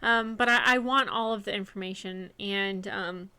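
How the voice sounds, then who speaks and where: A woman's voice: mid-range voice, normal speed, pushed and bright, clean tone. A young woman, a self-published author, talking on her livestream, gushing, nervous and close to tears, often restarting her sentences. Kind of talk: emotional casual livestream talk.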